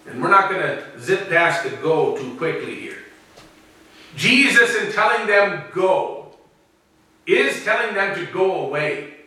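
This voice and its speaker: A man's voice: high voice, lively intonation, slow, pushed and bright. A man preaching a sermon in a dramatic way, acting out the voices he quotes. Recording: very echoey room, speaker far from mic.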